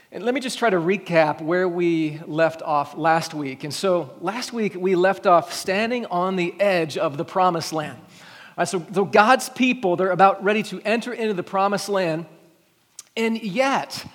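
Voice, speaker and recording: Pastor, male, high voice, earnest preacher who swells for emphasis, sermon in a big echoing church. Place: church sanctuary. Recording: long reverb of a church hall.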